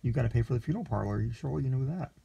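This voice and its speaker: Brief: man playing a condescending, grasping lawyer with a gravelly, dark tone. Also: medium pitch, expressive, rapid-fire, muffled recording, exaggerated voice. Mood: scheming. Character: greedy smooth-talking male city lawyer.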